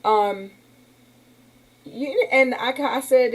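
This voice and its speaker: A woman's voice: mid-range voice, unhurried, a little mellow, rough recording. Woman, livestream host, rambling, indignant, casual chat. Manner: rambling, indignant, uses y'all. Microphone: computer mic on a stream.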